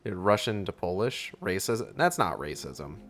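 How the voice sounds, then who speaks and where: A man's voice: sits low, big pitch swings, normal speed, music in the background. A man streaming a video game, chatting casually and sarcastically, swearing and reading on-screen text aloud. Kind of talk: casual gameplay commentary.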